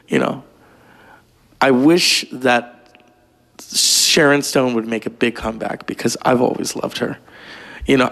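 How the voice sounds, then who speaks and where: A man's voice: medium pitch, vocal fry, a bit bright. A man talking in a rambling, gossipy monologue, full of profanity and digressions. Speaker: vlogger.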